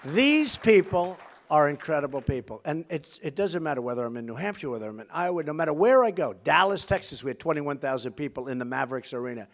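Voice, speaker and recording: Fairly high-voiced male candidate, off-the-cuff rally speech, rambles, repeats himself, brags. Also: expressive, quick pace, hardly any pauses, some chatter behind. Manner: rambling, repetitive, boastful. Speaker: political candidate. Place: rally stage.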